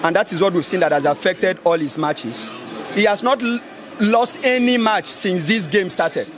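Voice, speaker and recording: A man with a Nigerian accent giving an excited, emphatic fan reaction in a street interview, repeating his phrases. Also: high voice, moderate pace. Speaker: football fan giving a post-match reaction.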